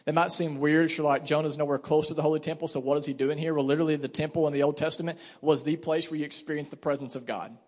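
A man in his thirties preaching a sermon as pastor, telling family stories with lively asides and fillers. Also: a little high, fast talker, few pauses. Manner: animated storytelling with asides and fillers. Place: church sanctuary. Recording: hall reverb.

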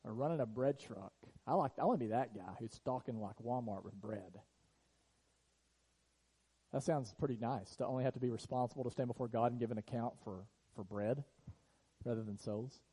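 A pastor preaching a sermon to his church, earnest, sometimes dropping to a hush on key lines. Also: mid-range voice, normal speed, breathy edge, rough recording. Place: church sanctuary.

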